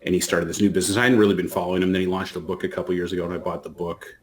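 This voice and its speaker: A man's voice: low voice, flat delivery, very fast. A man co-hosting a podcast, chatting casually and rambling through a story with lots of restarts. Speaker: podcast co-host. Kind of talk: casual chat.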